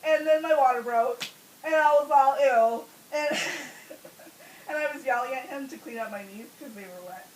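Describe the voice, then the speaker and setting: A woman's voice: high voice, moderate pace. A young woman telling a crude, funny story casually, often breaking into laughter mid-sentence. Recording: roomy sound from a distance with faint hiss.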